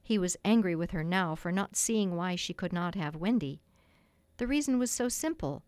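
A woman's voice: lowish voice, lively intonation, normal speed, a little mellow, dry recording. Woman reading a storybook aloud. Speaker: audiobook reader. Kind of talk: storybook narration.

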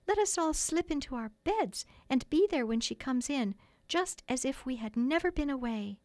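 A woman voicing an earnest, motherly young girl, higher than her own voice. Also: lively intonation, normal speed, darkish tone, dry recording.

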